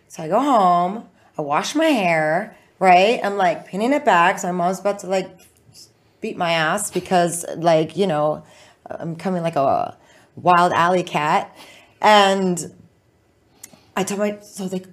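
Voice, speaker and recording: A middle-aged woman from Southern California, a podcast guest telling a story in a lively way and acting out the voices in it. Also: on the low side. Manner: lively, acts out voices in her stories, quick asides. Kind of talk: animated storytelling.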